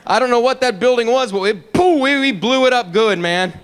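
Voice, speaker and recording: A man playing a gung-ho male TV war reporter who brags loudly and cockily. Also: very high voice, a little fast, smooth, voice pushed up. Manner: loud, cocky, boastful.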